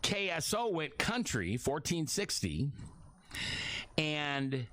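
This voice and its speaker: Brief: middle-aged male radio host, lively swooping delivery, rambling and often apologizing. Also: a little high, slow pace. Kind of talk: casual talk radio. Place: radio studio.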